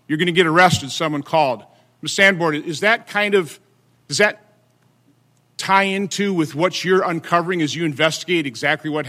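A man at a hearing reading testimony into the record in a measured, halting way with many fillers. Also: fairly high pitch, bright, forceful tone. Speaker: senator at a hearing.

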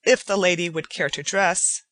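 A woman voicing a formal male household servant who speaks crisply. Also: on the low side, fairly even intonation, normal speed, a bit bright, no echo, lightly acted.

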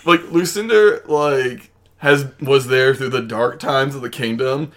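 A man's voice: medium pitch, measured pace. A man co-hosting a casual movie chat, rambling and wry, with lots of fillers. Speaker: podcast co-host.

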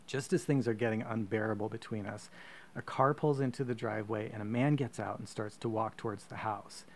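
A man co-hosting a podcast, reading a profane, comic choose-your-own-adventure story aloud with deadpan asides. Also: fairly low pitch, brisk, a little hiss or hum. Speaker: podcast co-host.

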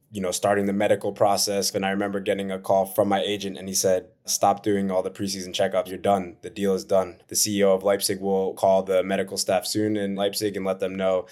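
A man's voice: low voice, a little mellow. A man, a footballer answering interview questions in an earnest, reflective way. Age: 20s. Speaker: professional footballer, guest.

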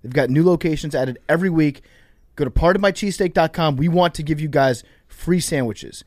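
Male podcast co-host, slightly high, dry studio sound, teasing and quick. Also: darkish tone, no room sound. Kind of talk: casual chat and read ad.

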